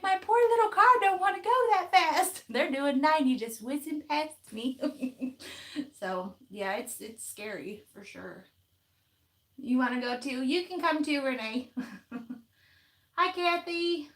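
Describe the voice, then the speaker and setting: Folksy woman, craft vlogger, easygoing live-stream chatter with frequent laughs. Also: on the high side. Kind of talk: casual live-stream chat, reading viewer comments.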